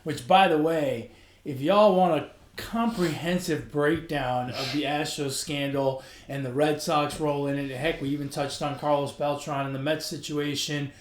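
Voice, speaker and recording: A man hosting a casual sports podcast, with a somewhat higher voice for a man. He bantes loosely and laughs often. The recording has a noticeably roomy, echoey sound. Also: steady tone, normal speed. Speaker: podcast host. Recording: echoey room.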